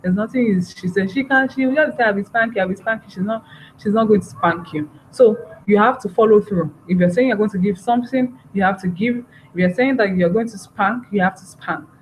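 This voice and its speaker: A woman's voice: mid-range voice, brisk. Woman giving a parenting workshop. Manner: earnest, repeats phrases, acts out parent and child lines. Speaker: parenting trainer. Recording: dull, slightly noisy recording.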